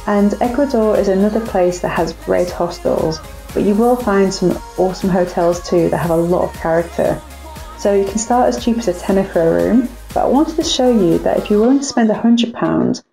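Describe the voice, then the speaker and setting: A woman's voice: medium pitch, creaky, mellow, reverberant. A young woman vlogging about family travel, chatty and upbeat, with self-mocking asides. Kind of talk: family travel vlog narration.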